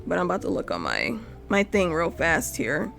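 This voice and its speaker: A young woman with a gravelly, fry-laden voice chats loosely on a live stream as she draws. She rambles, cuts herself off mid-thought and swears offhand. Faint music plays underneath. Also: lowish voice, huge pitch swings, moderate pace, fairly bright tone. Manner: rambling, self-interrupting, swears casually. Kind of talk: casual live-stream chat while drawing.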